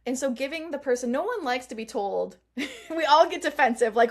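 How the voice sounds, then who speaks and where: A middle-aged woman performance coach chatting as an interview guest, animated, laughing often and acting out the lines she quotes. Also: high-pitched, a little fast. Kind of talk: casual interview chat.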